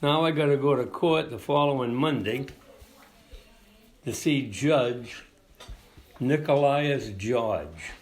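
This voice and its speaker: A man being interviewed, telling a casual anecdote in blunt, plainspoken talk with informal grammar and quick voices for the people he quotes. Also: mid-range voice, animated. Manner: quotes others by slipping into their voices.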